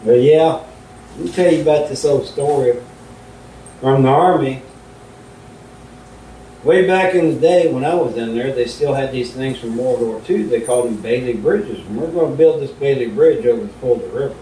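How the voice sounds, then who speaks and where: Laid-back man talking from across a kitchen. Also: dark tone. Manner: laid-back, folksy, unhurried yarn-spinning. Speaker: vlogger. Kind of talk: casual storytelling while cooking. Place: home kitchen. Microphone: camera left far from the speaker. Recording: roomy and distant, faint rumble.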